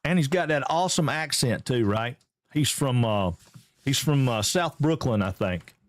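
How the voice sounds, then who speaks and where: A man from Georgia with a Southern American accent, hosting a live game stream in casual, upbeat chat and greeting viewers excitedly. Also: mid-range voice, moderate pace. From Georgia, USA.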